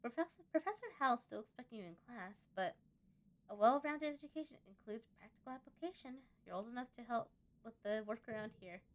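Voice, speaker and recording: A woman's voice: fairly high pitch, expressive, a little fast, close to an everyday voice. A woman voicing a busy, practical colonist mother in a space-colony game, reading her lines in a plain, friendly way. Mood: brisk encouraging.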